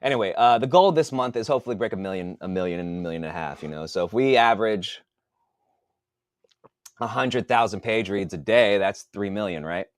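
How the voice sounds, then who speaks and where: A man who writes books, talking casually in a podcast monologue, swearing a lot and working out sums out loud. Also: fairly low pitch, fairly quick, dry recording, studio quality. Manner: profane, thinks aloud while doing math. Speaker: author.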